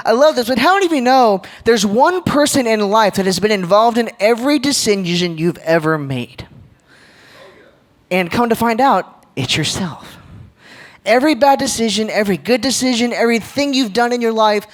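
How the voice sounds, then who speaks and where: A man's voice: sits high, expressive, normal speed. A man giving a live leadership talk at a church gathering, joking and quizzing the crowd with questions. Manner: jokey, engages crowd with questions.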